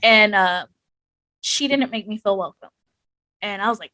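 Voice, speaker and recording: A woman's voice: a little high, moderate pace, a bit bright, no echo, rough recording. A young woman, a veteran guest on a podcast, telling her story candidly, with many "like" fillers and frank emotion.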